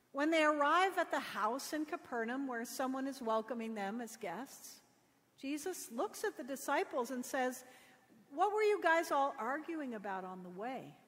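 A middle-aged woman pastor giving a sermon, telling stories with gentle humor. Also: high voice. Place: church. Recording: long reverb of a church.

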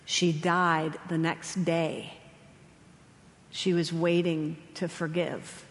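A woman chaplain preaching a sermon, telling stories gently with slow, emphatic pauses. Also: sits low, flat delivery. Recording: long hall reverb.

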